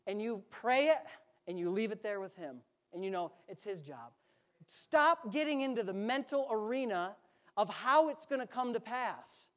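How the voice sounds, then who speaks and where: A man's voice: sits high, expressive, moderate pace, fairly bright tone. Male pastor, conversational sermon, easygoing jokes with the congregation, church sanctuary.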